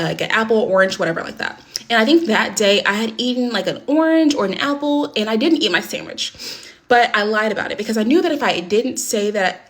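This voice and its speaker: A woman's voice: mid-range voice, fairly bright tone. A young adult woman telling a personal story to camera in a casual storytime vlog, candid and blunt, swearing often and filling with "like". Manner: candid, heavy swearing, many "like" fillers.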